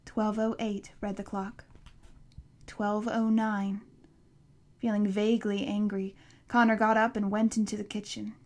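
A woman narrating an audiobook in a hushed voice that drops to a whisper in tense passages. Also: mid-range voice, level tone, measured pace.

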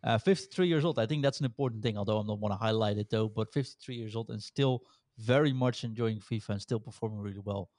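A man's voice: on the low side, fast, few pauses, a little mellow, dry recording, studio quality. Chatty, jokey man in his thirties. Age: 30s. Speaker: podcast host. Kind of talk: casual chat.

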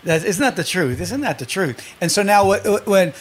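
Higher-voiced male interview host. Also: animated, normal speed. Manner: laughs easily, tells his own anecdote. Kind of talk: conversational interview.

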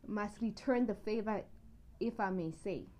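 A woman discussing faith in casual conversation, earnest and measured, often reading scripture aloud. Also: medium pitch, warm tone. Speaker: guest.

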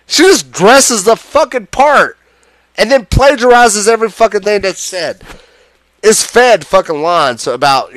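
A man's voice: fairly high pitch, fairly bright tone, no room sound. A man in a heated, profane, sarcastic political rant to the camera.

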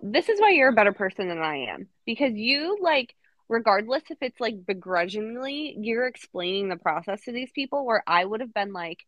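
A woman's voice: fairly high pitch, very animated, normal speed, fairly bright tone, dry recording, lo-fi sound. A young woman co-hosting a casual podcast, blunt and profane, with mock outrage. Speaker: podcast co-host. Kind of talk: casual chat.

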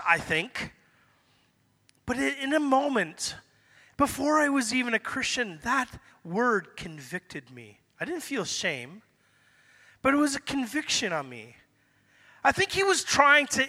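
A man's voice: very high-pitched, sharp tone. A middle-aged man preaching a sermon in a casual, conversational way, acting out the dialogue from a personal story. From Canada. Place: church hall. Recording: long reverb of a church hall.

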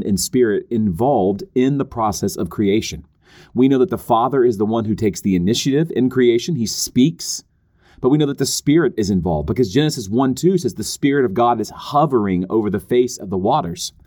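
An earnest man teaching theology in a measured, emphatic way. He walks through numbered points one by one and adds the odd quick aside or restart. His voice sits at an ordinary middle pitch for a man. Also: darkish tone. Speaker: Bible teacher.

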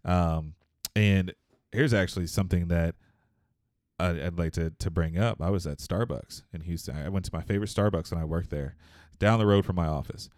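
A man's voice: low voice, normal speed, a little mellow, no echo, studio quality. A man from Texas, telling a story in a casual podcast chat, rambling with many fillers and restarts.

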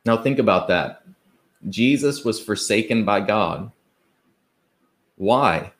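A man's voice: lowish voice, lively intonation, slow pace. A man preaching an earnest, conversational sermon, asking rhetorical questions and quoting scripture. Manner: conversational, with fillers and restarts.

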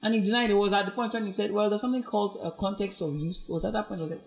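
A woman speaking as a podcast guest about her own experiences. She tells her story in an earnest, reflective way. She brings the quoted voices of others to life with lively, expressive shifts in pitch. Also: very fast, vocal fry, few pauses. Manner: animated, acts out quoted speech with big pitch swings. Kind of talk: personal storytelling in conversation.

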